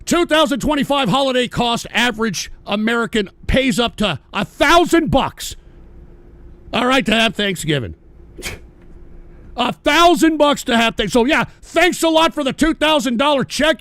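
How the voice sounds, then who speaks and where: A man hosting a livestream, delivering a profane, sarcastic political rant that often breaks into shouting. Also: very high-pitched, lively intonation, unhurried, creaky, dry recording. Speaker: livestream host.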